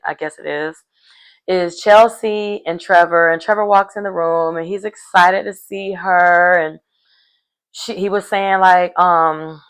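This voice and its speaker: A woman's voice: lowish voice, clear, resonant tone, poor audio. Chatty woman recapping a reality show. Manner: chatty, full of fillers, retells scenes with quoted dialogue.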